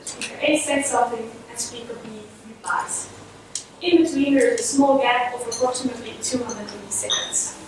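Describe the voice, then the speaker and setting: Woman researcher, high voice, explanatory conference talk; distant mic, noisy hall. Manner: explanatory, steady lecturing. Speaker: child language researcher. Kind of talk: conference presentation.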